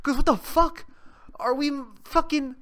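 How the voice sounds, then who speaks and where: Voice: high voice, steady tone, measured pace, a bit bright. Profane rambling young podcast host. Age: young adult. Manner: profane, rambling, sarcastic, laughs at own jokes. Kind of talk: off-the-cuff solo rant.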